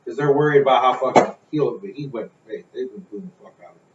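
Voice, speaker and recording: A man's voice: medium pitch, fast talker. A man co-hosting a casual podcast, giving blunt, opinionated takes with plenty of swearing. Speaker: podcast co-host. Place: home garage. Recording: roomy, dull garage sound with faint noise.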